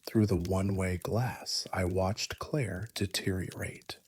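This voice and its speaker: A man narrating a scripted first-person horror story in a hushed, often whispery delivery. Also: low voice, fairly even intonation, takes it slowly, slightly rough.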